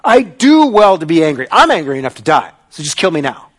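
Picture a fed-up male prophet ranting at the heavens, his raised voice swinging high and wide in exasperation, as a preacher puts him on. He is loud and sulky, a grown man at the end of his rope. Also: very animated, a little fast. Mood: angry, ranting.

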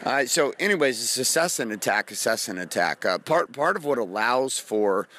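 A man hosting a motivational podcast, talking slowly and quietly to rest a strained voice, casual and profane, while walking down a street outdoors. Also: medium pitch, lively intonation, background noise. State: strained voice, resting it. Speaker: podcast host and coach.

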